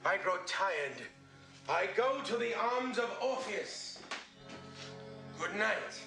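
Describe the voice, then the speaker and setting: Theatrical man with a gravelly voice. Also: high voice, animated, slow. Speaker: doctor in a comedy film. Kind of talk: spoof comedy acting. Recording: echoey film soundtrack with music.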